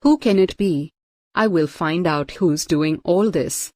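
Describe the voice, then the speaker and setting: A woman voicing a scheming villainous woman, read out flatly with a slightly raised voice. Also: fairly low pitch, slow pace, dry recording, studio quality.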